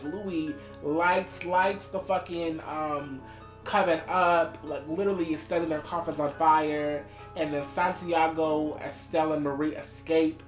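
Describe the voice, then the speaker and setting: A woman co-hosting a casual podcast, retelling scenes animatedly and acting out the quotes. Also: low voice. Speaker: podcast co-host. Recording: echoey room with faint music.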